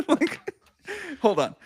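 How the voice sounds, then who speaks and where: Excitable young man hosting a podcast. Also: extremely slow, no room sound, clean studio sound. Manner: excitable, swearing, laughs often. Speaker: podcast host. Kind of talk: casual sports chat.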